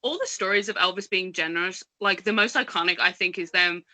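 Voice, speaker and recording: A young woman co-hosting a podcast who talks fast and gushes in excited casual chat, with lots of "like". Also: on the low side. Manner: gushing, fast, says "like" often. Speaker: podcast co-host.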